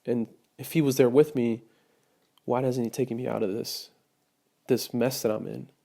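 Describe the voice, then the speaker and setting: A young man sharing a personal testimony, hesitant, with many pauses and restarts. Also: medium pitch, fairly even intonation, vocal fry, dark tone. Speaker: testimony speaker.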